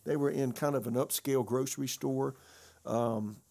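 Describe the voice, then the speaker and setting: A man's voice: medium pitch, steady tone, normal speed, creaky, dark tone. An older male pastor giving a conversational sermon, telling a story earnestly and often restarting and repeating words.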